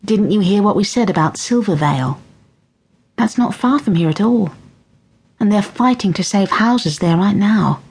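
A woman voicing a calm, kind elderly grandmother in an audiobook, speaking softly and gently, almost in a whisper. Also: mid-range voice, moderate pace, husky. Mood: gentle. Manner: soft, gentle, half-whispered.

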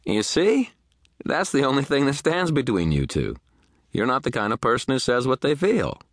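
A man voicing a steady, earnest knight who presses his friend with calm, moralizing questions. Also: rumbling low, normal speed, creaky, no echo, studio quality, pitched above the performer's own voice, heavily acted. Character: earnest, steady male knight, gently lecturing.

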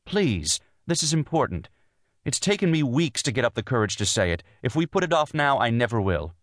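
A man's voice: medium pitch, sing-song, fairly quick, no room sound, studio quality, voice pushed up, natural voice. A man narrating an audiobook voices a tense young wife and mother, earnest and insistent as she pleads her case. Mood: earnest, pleading. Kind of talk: audiobook dialogue.

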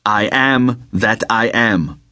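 A man narrating an audiobook, voicing a starving, proud young man with a raspy voice and desperate outbursts. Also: lowish voice, takes it slowly, sharp tone.

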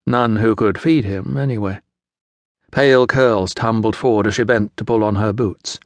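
A man narrating a historical novel as an audiobook in a measured, even storytelling manner. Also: lowish voice, dry recording. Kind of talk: scripted narration. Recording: dry studio audiobook.

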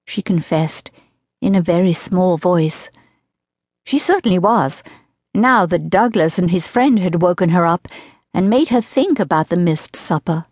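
A woman narrating an audiobook in an even, measured storytelling voice. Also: lowish voice, dry recording. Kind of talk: scripted narration of a historical romance.

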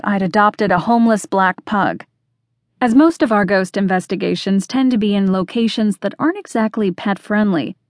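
A woman narrating a first-person mystery audiobook in a measured, expressive reading voice. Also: mid-range voice, no echo, studio quality.

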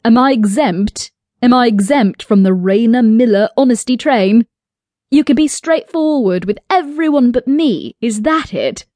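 A woman voicing an intense young man in an audiobook, whose lines swing from heated accusation to a husky hush. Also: fairly low pitch, slow pace, few pauses, no room sound, clean studio sound. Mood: frustrated. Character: intense young British man, frustrated and yearning.

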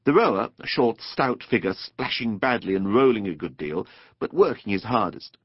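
A man narrating a children's storybook audiobook in an expressive, playful, animated way. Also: on the low side, normal speed, husky, no echo. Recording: dull dry studio recording.

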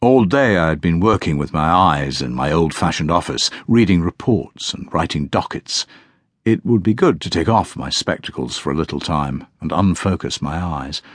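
A man giving unhurried, measured first-person narration of an audiobook. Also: sits low, animated, no room sound, clean studio sound.

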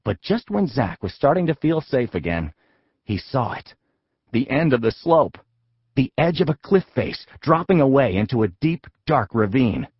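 A man reads a comic children's audiobook with a slightly husky voice. His pitch is animated and playful as he tells the story. The recording is dry and a bit dull. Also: normal speed, dry recording. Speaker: audiobook narrator. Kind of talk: comic kids' audiobook narration.

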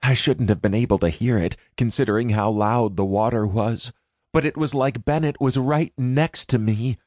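A man's voice: mid-range voice, moderate pace, darkish tone, no room sound, studio quality. A man narrating a first-person audiobook in a dramatic, intense reading.

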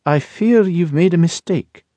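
A man voicing a wary, proud young noblewoman in an audiobook, speaking in a lifted, crisp and guarded way. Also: fairly high pitch, unhurried, warm tone, no room sound, pitched above the performer's own voice, close to an everyday voice.

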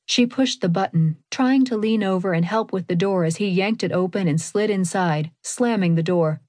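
A woman narrating an audiobook in a steady, clear manner, at a middle pitch. Her voice is close and dry, recorded on a studio mic with no room sound. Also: moderate pace, few pauses, no echo. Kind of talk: scripted narration.

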